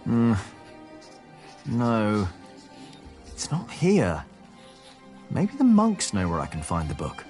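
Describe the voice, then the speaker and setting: A wry young builder. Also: male voice, mid-range voice, huge pitch swings, slow pace, long pauses, darkish tone, faint music behind. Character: young male builder hero of the game. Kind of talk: game voice acting.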